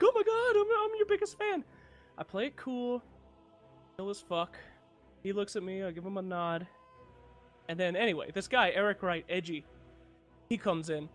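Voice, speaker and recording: A young man hosting a gaming video, telling a story casually and animatedly, swearing and jumping into excited quotes. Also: high voice.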